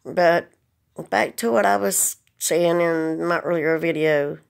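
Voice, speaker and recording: A woman's voice: on the low side, slow, gravelly, clear, resonant tone. A woman speaking earnestly to the camera, holding back tears as she pleads. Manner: earnest, pleading, plain-spoken. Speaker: vlogger. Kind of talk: emotional direct-to-camera message.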